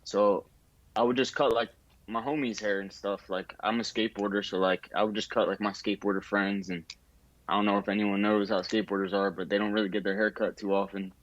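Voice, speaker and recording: A man's voice: fairly low pitch, little pitch movement, brisk, lo-fi sound. A young man, a barber, telling his story in a casual interview, laid-back with many fillers and acted-out quotes.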